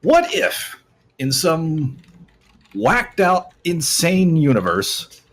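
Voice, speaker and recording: A man's voice: a little high, wildly swooping pitch, extremely slow. A man hosting a casual panel chat, with playful, theatrical emphasis. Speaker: podcast host. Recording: captured through desktop audio.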